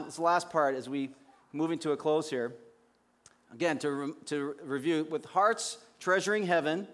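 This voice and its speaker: A man's voice: fairly high pitch, a bit bright. A man preaching a sermon as pastor, speaking conversationally with frequent restarts.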